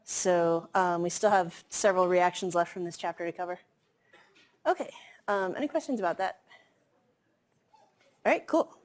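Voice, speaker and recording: Casual woman lecturing, lowish voice. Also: normal speed, long pauses, a little mellow. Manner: casual, filler-heavy explaining with frequent "um" and "like". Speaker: chemistry lecturer. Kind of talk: classroom lecture. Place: lecture hall.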